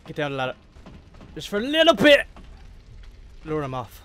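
A man's voice: on the high side, wildly swooping pitch, moderate pace, a bit bright. A man commentating his own gameplay, swearing and muttering through frustrating moments. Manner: swearing, exasperated outbursts. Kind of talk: let's play commentary.

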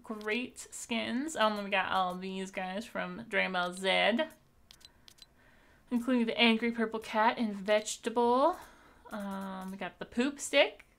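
A woman's voice: mid-range voice, sharp tone. A young woman from Canada streaming live, chatting in a bubbly way with viewers and laughing often as she thanks them. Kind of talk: casual live-stream chat over gameplay.

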